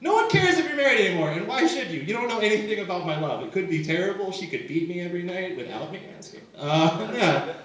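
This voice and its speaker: Bright-voiced man doing stand-up in an echoey room. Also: high-pitched, animated, fast talker, distant mic. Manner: conversational, self-mocking, lots of "like" and "you know". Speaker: stand-up comedian. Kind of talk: stand-up comedy set. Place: small comedy venue with live audience.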